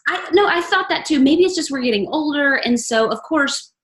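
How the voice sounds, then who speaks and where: A woman's voice: high-pitched, lively intonation, normal speed, a bit bright, slight background noise. A middle-aged woman, a podcast guest, telling personal stories in an earnest, chatty way and laughing often. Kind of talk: casual interview chat.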